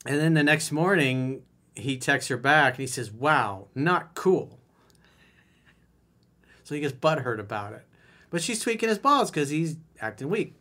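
A man's voice: fairly high pitch, animated, a little slow, pauses often, pushed and bright. A man speaking as a dating coach in a solo advice monologue, blunt and emphatic, reading out listener messages and commenting on them.

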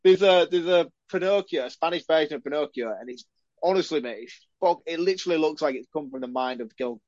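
A man co-hosting a podcast in casual chat, animated and sweary, laughing often. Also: a little high, fast talker, no echo. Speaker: podcast co-host. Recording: dry, dull lo-fi sound.

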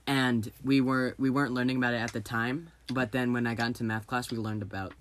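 A man's voice: medium pitch, steady tone, fast, a bit bright, a little hiss or hum. Rambling teen boy with fillers. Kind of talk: casual group chat.

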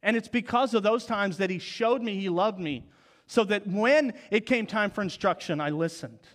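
A man in his forties preaching a sermon, telling stories and dropping to soft, low tones for emphasis. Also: moderate pace. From Oklahoma, US. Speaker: pastor.

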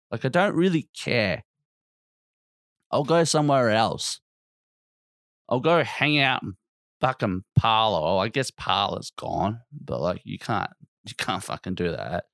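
A man's voice: mid-range voice, no room sound, studio quality. A man hosting a podcast, ranting in a casual, blunt and constantly profane way. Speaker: podcast host.

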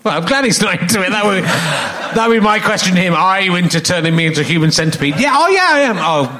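Male comedy host with a fairly high, bouncy voice, a little tipsy and teasing in a live interview chat. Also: lively intonation, quick pace, sharp tone.

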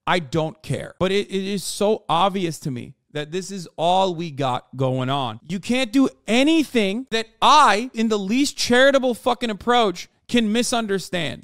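A man's voice: sits high, lively intonation, measured pace, few pauses, a bit bright, clear, resonant tone, dry recording, clean studio sound. Fired-up, profane ranting man. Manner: heated, profane and sarcastic. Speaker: streamer podcast host. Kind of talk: ranting live commentary.

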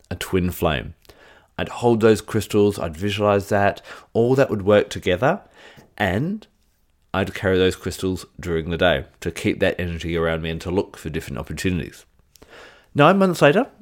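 A middle-aged man teaching in a casual, chatty way, with light joking asides. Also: deep voice. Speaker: crystal teacher. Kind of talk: casual teaching chat to camera.

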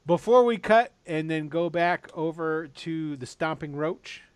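A man's voice: a little high, a little slow, clean tone, dry recording. A man narrating as game master in loose, casual storytelling.

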